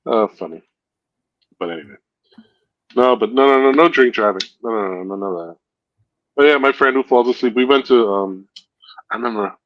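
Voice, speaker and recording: A man with a voice on the low side hosts a stream, chatting casually through long, rambling stories while correcting himself and laughing at his own jokes. The dry recording sounds dull and lo-fi.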